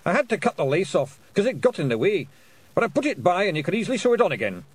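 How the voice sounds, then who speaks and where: A man's voice: sits high, very animated, fast talker, slightly rough, no echo, voice pushed up, exaggerated voice. A man doing a brash little pixie man. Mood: cheerful. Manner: cheerful, boisterous. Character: tiny brash male pixie warrior.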